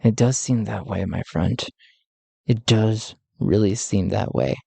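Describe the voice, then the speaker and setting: The narrator voicing a calm, stoic male captive speaking low and flat. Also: a little slow, vocal fry, husky, no room sound, exaggerated voice. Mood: resigned. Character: stoic male captive, cool-headed and unamused.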